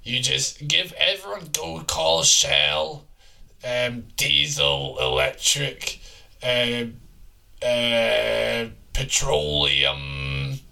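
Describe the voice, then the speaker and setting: A man doing a raspy, gravelly future freak. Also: medium pitch, lively intonation, drawn-out words, bright, forceful tone, heavily acted. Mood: manic ranting. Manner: rambling, crude, gleefully absurd rant. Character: crude male four-armed time-traveling freak from the future. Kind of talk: improvised comedy bit.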